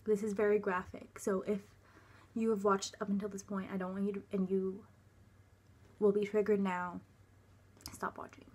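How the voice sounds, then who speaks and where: A young woman telling a personal story to camera in a halting way. She restarts often, uses many filler words and sometimes drops to a near whisper. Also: mid-range voice, little pitch movement, darkish tone, slightly rough. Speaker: vlogger.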